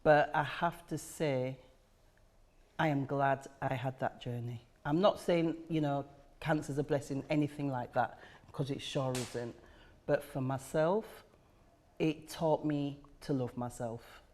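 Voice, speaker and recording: A woman's voice: extremely low pitch, steady tone, unhurried, darkish tone. A woman, the chair of a charity, talking reflectively in a podcast conversation and repeating key phrases for emphasis.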